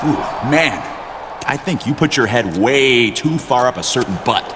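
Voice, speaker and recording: Man as mocking, defiant champ wrestler in a game, mid-pitched. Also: animated, unhurried, lightly acted. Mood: taunting. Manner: taunting, sarcastic. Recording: noisy game audio.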